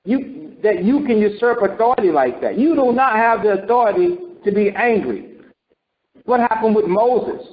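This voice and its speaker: Brief: male preacher, high register, teaching scripture conversationally with rhetorical questions, muffled recording. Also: expressive, moderate pace. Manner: rhetorical questions, acts out voices. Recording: dull lo-fi recording.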